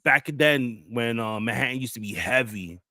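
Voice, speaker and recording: A man's voice: mid-range voice, moderate pace, sharp tone, no echo, studio quality. A man, hosting a casual talk show and telling loose, slangy stories full of acted-out quotes. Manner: loose storytelling with crude slang, acts out quotes. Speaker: podcast host. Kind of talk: casual chat.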